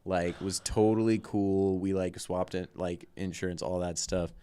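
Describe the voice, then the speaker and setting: A man's voice: low-pitched, steady tone, measured pace, warm tone, clean tone. A man, a band's guitarist and singer, telling tour stories in a casual, rambling way, swearing often. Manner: rambling, swears a lot, lots of "like". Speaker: band guitarist and vocalist, guest.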